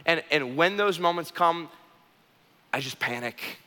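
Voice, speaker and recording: A young male pastor delivers a sermon with earnest, emphatic storytelling. His voice sits a little high and rings bright and forceful. It echoes through a large, reverberant hall. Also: lively intonation, measured pace.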